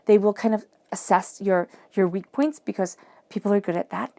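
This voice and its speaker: A woman gives a tarot reading, speaking earnestly and encouragingly straight to her listener. Her voice is mellow with a gravelly edge. The sound is dry and close, with no room around it. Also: fairly quick, no echo. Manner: earnest, emphatic and encouraging, addressing the listener directly; softens into a low murmur when chanting questions to the cards. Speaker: tarot reader.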